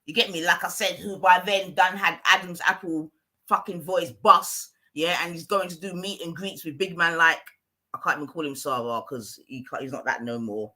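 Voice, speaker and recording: A woman's voice: lowish voice, normal speed, sharp tone. A woman ranting on her own live stream, emphatic and repetitive, often asking the listener whether they follow. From London.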